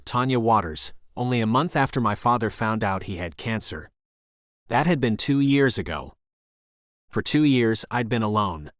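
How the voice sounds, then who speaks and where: A man's voice: fairly low pitch, a bit bright, dry recording. Male audiobook narrator, dry close sound. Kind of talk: scripted romance audiobook narration.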